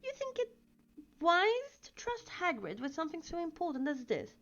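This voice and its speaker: A strict, anxious older professor with clipped speech, as a woman reads her aloud. Her pitch leaps around expressively. The recording is dull and lo-fi, with faint music behind it. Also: huge pitch swings, normal speed, fairly bright tone, heavily acted. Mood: doubtful. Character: stern older female professor, worried.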